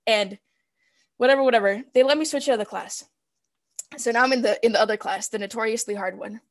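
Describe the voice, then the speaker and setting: A woman's voice: on the high side, a little fast. Young woman telling a story animatedly. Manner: animated storyteller acting out her own past dialogue. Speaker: podcast guest. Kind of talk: casual chat.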